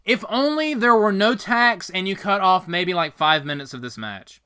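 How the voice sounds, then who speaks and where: Lively high-pitched bright man. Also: moderate pace. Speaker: podcast co-host. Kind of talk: casual review chat.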